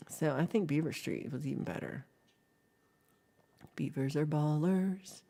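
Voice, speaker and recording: A woman with a low, mellow voice hosts a casual livestream chat. She is playful and giggly and slips into whispers as she talks straight to her viewers. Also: lively intonation, measured pace, vocal fry, pauses often. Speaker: livestream host.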